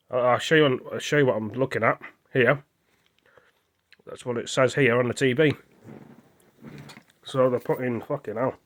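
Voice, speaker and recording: A man's voice: medium pitch, moderate pace, pauses often, a bit bright. A man chatting casually while he reads news off a screen, rambling and stumbling over hard words, apologetic, sometimes talking with his mouth full. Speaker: vlogger.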